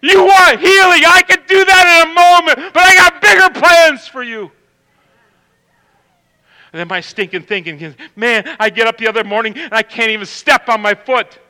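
A man preaching a sermon as pastor, swinging from loud emphatic calls to hushed low passages. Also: moderate pace, in a large hall, poor audio.

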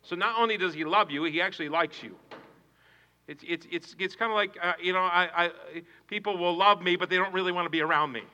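A male pastor preaching a sermon with passion, swinging from hushed to shouting and repeating his phrases. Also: high-pitched, fairly quick, low-quality recording.

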